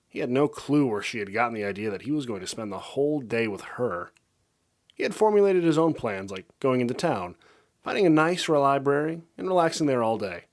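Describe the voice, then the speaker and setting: A man reading a fan-fiction story aloud, narrating expressively. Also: mid-range voice.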